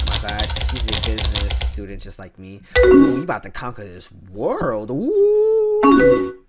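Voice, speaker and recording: Lower-voiced guy, slangy gameplay commentary, reads chats aloud with sudden loud outbursts, heavy game music underneath. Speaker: gamer reading a chat game aloud. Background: loud game music, keyboard typing.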